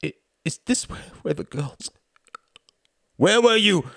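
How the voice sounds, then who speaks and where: A man voicing a stern, shaken father who speaks in a sharp, raised, demanding voice in an audiobook. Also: fairly low pitch, a little fast, vocal fry, husky, dry recording, studio quality, full character voice.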